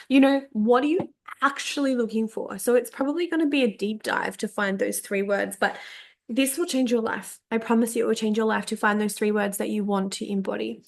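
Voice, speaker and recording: Woman coach, casual workshop talk, some vocal fry, blunt, sweary, emphatic repetition. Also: on the high side. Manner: candid and emphatic, swears freely, repeats words for stress. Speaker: energetics coach.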